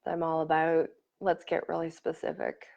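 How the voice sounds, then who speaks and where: A woman coach leading a live online workshop, talking casually and warmly to viewers and greeting commenters by name. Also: low-pitched, monotone, moderate pace, creaky. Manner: warm and effusive, reads and greets commenters. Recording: slightly dull lo-fi stream audio.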